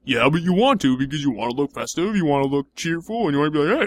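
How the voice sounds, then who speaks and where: A man's voice: on the high side, lively intonation, fast talker, dry recording. A young man in improvised comedy banter, teasing and playfully mocking.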